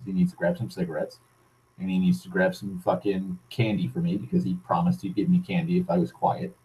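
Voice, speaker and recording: A man's voice: low voice, level tone, a little fast, mellow, rough recording. Profane rambling man telling a story. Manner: profane, heated, full of restarts. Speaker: vlogger. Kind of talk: rambling personal storytelling rant.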